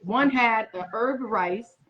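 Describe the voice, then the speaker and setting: Guest chef, woman, 40s, high-ish voice; lively storyteller who voices the people she quotes; muffled recording. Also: slow pace. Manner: animated, acts out others' lines in quoted voices. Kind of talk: casual interview storytelling. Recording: muffled lo-fi audio.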